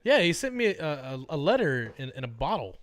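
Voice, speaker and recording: Animated swearing young man telling stories. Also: fairly high pitch, fairly quick. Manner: animated storytelling, swearing, laughing often. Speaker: podcast co-host. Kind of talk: casual podcast banter.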